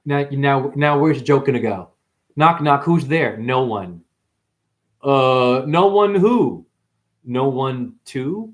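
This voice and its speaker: A man's voice: mid-range voice, a little slow. A man delivering a rambling, profane spiritual monologue to viewers, calling them "honey.". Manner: animated, profane, calls listeners "honey". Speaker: video monologue host.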